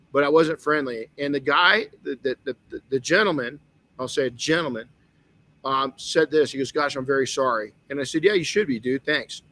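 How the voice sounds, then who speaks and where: A man's voice: mid-range voice, a bit bright, no echo. A middle-aged man hosting a motivational podcast, telling a personal story earnestly with many restarts. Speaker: podcast host.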